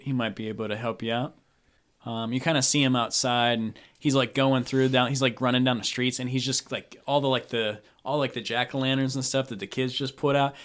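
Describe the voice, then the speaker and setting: A man's voice: medium pitch, fairly bright tone. A man narrating as game master in a tabletop game, casual and rambling with lots of fillers.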